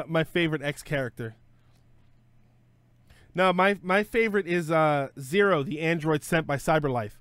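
A man with a slightly raised pitch chats casually on a live stream, rambling and joking as he thinks aloud. He trips over his words, restarts sentences and fills gaps with "uh" and "um". The sound is dry and close, with no room around it. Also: moderate pace, long pauses, a bit bright, no echo. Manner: self-correcting with frequent fillers. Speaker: streamer host.

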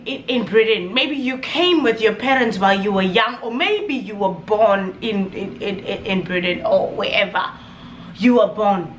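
A young woman with a Namibian accent rants to camera in a casual vlog. Her voice sits high and sounds sharp and bright. She talks with exasperated, animated energy and slips in laughing asides over faint background noise. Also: reverberant. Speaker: vlogger.

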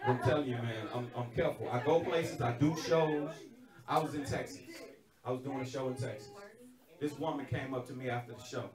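A middle-aged man doing a crude live stand-up set, muttering then shouting punchlines. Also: medium pitch, steady tone, a little fast. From not from California. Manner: loud, crude, swings between mutters and shouts. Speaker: stand-up comedian. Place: indoor comedy venue stage. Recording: echoey room from far off, loud crowd.

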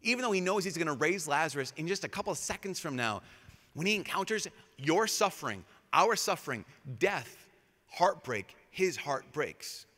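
A man, a priest, giving a lively storytelling talk with casual fillers, acting out quotes in changing voices. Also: on the high side, normal speed. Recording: live talk with long hall reverb.

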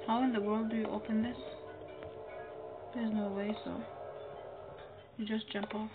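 A woman's voice: mid-range voice, measured pace. Woman with a tinny, phone-like voice. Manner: talks back to the game's characters, chatty and excitable. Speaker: gamer. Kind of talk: horror game let's-play commentary. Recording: muffled phone-like audio with noise.

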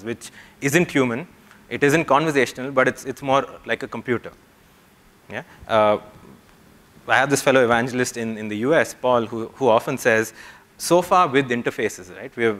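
A young man speaks at a tech conference, laying out ideas step by step for the crowd in a voice of middle pitch. He often pauses to check in with a short "yeah?" before moving on. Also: a bit bright. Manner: explanatory, checks in with the audience with "yeah?". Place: conference hall.

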